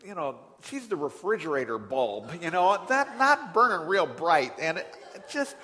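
Animated male preacher in a reverberant hall. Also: a little high, moderate pace. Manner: animated storyteller, swings from quiet to loud exasperation. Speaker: pastor. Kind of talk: sermon with personal story.

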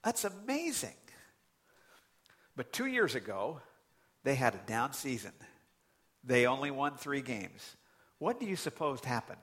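A man preaching a sermon as pastor, animated and conversational, with sudden loud outbursts. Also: medium pitch, measured pace, pauses often, husky.

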